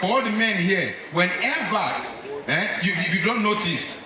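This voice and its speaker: A man doing stand-up, telling a story in an animated way and speaking straight to the men in the audience. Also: high voice, moderate pace. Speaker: stand-up comedian. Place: comedy club stage. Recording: echoey live club, from far off, crowd.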